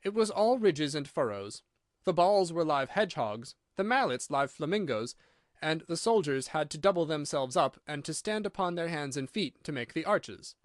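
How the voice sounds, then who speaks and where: Lively male audiobook narrator. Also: a little high, normal speed, dry recording, clean studio sound. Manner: expressive reading. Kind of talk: scripted narration.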